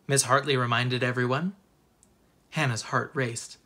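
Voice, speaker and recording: Casting: an animated read-aloud storyteller, husky, lively in pitch. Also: moderate pace. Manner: expressive, lively narration. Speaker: teacher reading aloud.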